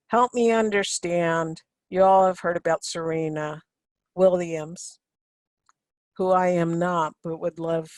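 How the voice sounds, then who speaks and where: A woman's voice: on the low side, a little mellow, dry recording. A woman presenting a webinar lecture in a conversational way, with frequent asides to her audience.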